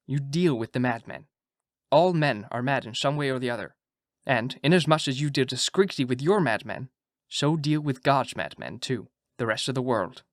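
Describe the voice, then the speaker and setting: A man voicing an old Dutch male doctor with a put-on Dutch accent, giving slow, solemn counsel. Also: mid-range voice, no room sound, clean studio sound, natural voice.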